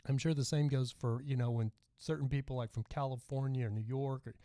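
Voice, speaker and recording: A man's voice: mid-range voice, steady tone, fairly quick, warm tone, no room sound, clean studio sound. A middle-aged man with a light Texas twang, hosting a casual livestream podcast and rambling as he reads out viewer comments. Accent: Texan. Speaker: podcast host.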